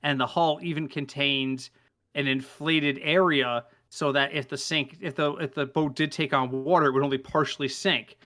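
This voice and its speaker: A man's voice: fairly high pitch, fairly even intonation, moderate pace, pushed and bright, faint music behind. A man co-hosting a casual sports podcast, telling stories animatedly and laughing as he goes. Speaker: podcast co-host.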